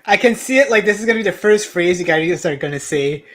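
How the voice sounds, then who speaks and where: A woman's voice: on the low side, expressive, quick pace. A woman from France, a guest on a gaming show, who laughs a lot and sounds self-conscious. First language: French. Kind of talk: casual chat.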